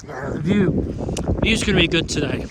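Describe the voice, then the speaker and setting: A man's voice: on the high side, expressive, normal speed. A man vlogging casually as he drives and walks around a town, joking at his own expense and muttering asides. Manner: chatty, self-mocking, mutters asides. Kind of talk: casual travel vlog. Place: outdoors in town and in a car. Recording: loud street noise. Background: loud outdoor and traffic noise.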